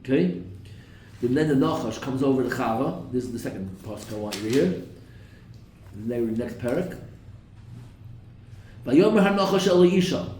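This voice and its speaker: A man's voice: mid-range voice, brisk, long pauses, mellow, recorded from a distance. A man teaching a live Torah class, quoting verses in Hebrew, translating them and quizzing his students, with a joke here and there. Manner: slips in jokes. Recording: echoey room with faint noise.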